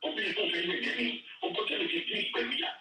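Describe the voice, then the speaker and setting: A man with a Nigerian accent giving animated, emphatic answers in an interview. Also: rapid-fire, soft background music. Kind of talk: interview answers mixing Yoruba and English. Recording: echoey room from far off.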